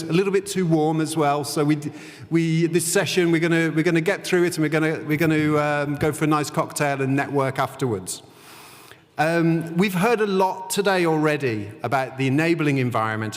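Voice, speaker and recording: Man moderating in a reverberant hall. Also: fairly high pitch. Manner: informal, light-hearted. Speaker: session moderator. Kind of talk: conference panel moderation. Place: windowless conference room.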